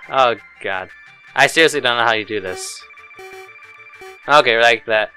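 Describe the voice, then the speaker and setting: A man commentating a let's play of custom game levels, muttering to himself and breaking into loud, swearing outbursts of frustration. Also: mid-range voice, a little slow, pauses often, soft background music.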